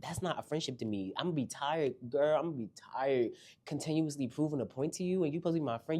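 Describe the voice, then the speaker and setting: A man hosting a casual reality TV recap, animated and slangy, talking straight to his viewers. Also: a little high, fast talker.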